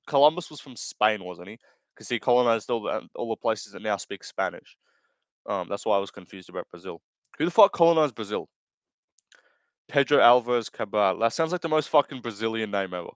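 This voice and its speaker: A young man runs a live stream, voicing chat messages and riffing on crude jokes in loose commentary, with frequent laughter and self-corrections. He talks briskly and animatedly in a fairly low voice, with no echo.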